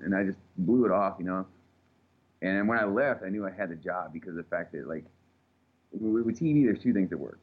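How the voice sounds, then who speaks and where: Fast-talking low-voiced man, lo-fi. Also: breathy edge. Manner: rambling, profane, animated storytelling. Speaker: tattoo artist guest. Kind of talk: casual storytelling. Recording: phone-like lo-fi sound.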